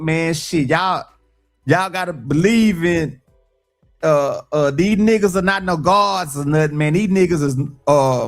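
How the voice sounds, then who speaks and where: A man casually reacting to a song on a live stream, loose and profane, repeating phrases as he talks. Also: fairly high pitch.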